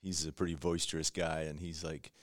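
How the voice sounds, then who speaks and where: A man's voice: extremely low pitch, flat delivery, a little fast. A man speaking as a guest in a casual conversation, laid-back and often saying "man" and "you know". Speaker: guest, construction company manager.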